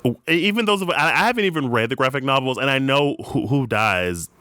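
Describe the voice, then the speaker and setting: A man from Louisiana co-hosting a podcast, rambling and animated in casual chat, laughing often. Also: mid-range voice, a little fast, dry recording. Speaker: podcast co-host. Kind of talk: casual chat about movies and TV.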